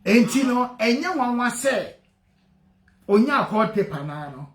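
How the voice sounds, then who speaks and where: Guy hosting call-in radio, high voice, roomy echo, jokey banter. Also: unhurried. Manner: lively, laughing, code-switching banter. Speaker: radio host.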